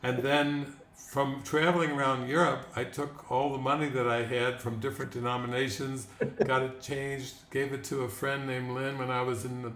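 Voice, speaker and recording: A man hosting a spiritual talk, speaking in a calm, reflective way. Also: medium pitch, normal speed, hardly any pauses. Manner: calm, reflective, frequent agreeing. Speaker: host. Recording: roomy with faint noise.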